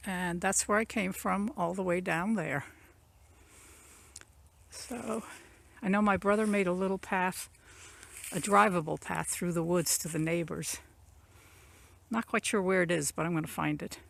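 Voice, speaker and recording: A woman with a gravelly, fry-edged voice chats her way through a walking tour of her country property. She is recorded outdoors on a handheld phone, rambling easily and pointing things out as she walks. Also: on the low side. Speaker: channel owner giving a property tour. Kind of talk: casual walking tour narration. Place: outdoors in rural woods and fields. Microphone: phone camera carried while walking.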